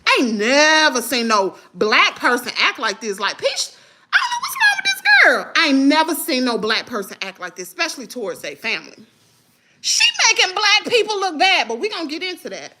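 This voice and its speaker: A high-voiced woman runs a gossip livestream. She talks straight to her viewers with sass, and her voice leaps all over the place. The tone is bright and sharp. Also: big pitch swings, fairly quick, slight background noise. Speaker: livestream host. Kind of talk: casual gossip commentary livestream.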